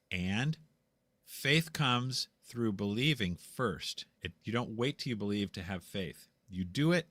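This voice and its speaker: A man with a fairly low, bright, forceful voice, recorded with no room sound, appears as a guest in a casual debate. Tired after a long talk, he speaks bluntly and insistently, in a preachy, lecturing way.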